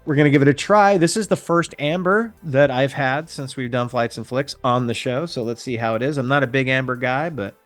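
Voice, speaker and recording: A man's voice: mid-range voice, brisk, hardly any pauses, faint music behind. A man co-hosting a podcast in casual chat, rambling with frequent ums. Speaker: podcast co-host.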